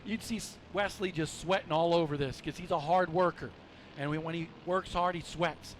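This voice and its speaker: Here the western North Carolina announcer is at normal speed, his fairly high voice holding a steady tone with slight background noise behind it. He's live on a stock car race, chatty and folksy, joking around with his co-host.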